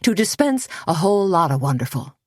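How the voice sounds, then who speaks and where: A woman's voice: lowish voice, big pitch swings, a little fast, a little mellow, no room sound, studio quality. A woman voicing Greg, a flamboyant male hairdresser who teases in a theatrical way. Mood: teasing. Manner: teasing, theatrical. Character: flamboyant, teasing man hairdresser.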